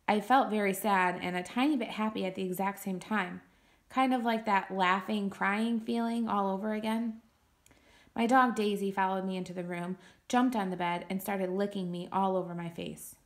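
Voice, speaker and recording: A woman teacher reading a novel aloud to her class, with steady and expressive first-person narration. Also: medium pitch, moderate pace.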